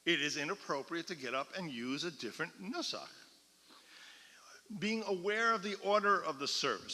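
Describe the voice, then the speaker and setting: Cantor guy lecturing a class, explains stuff and keeps asking "okay?", bright tone, big echoey hall. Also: a little high. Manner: explanatory, checks in often with "okay?". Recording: long reverb of a hall.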